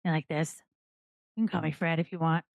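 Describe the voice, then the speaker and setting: A woman's voice: low-pitched, little pitch movement, fairly quick, creaky, dry recording, narrow, tinny audio. Woman voicing a sulky child ghost, petulant and teasing.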